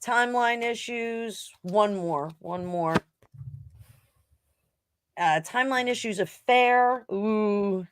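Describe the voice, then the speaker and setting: A woman's voice: medium pitch, slow pace, pauses often, a little hiss or hum. A woman from New Jersey co-hosting a tarot show in casual, joking chat, laughing often. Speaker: tarot reader co-host.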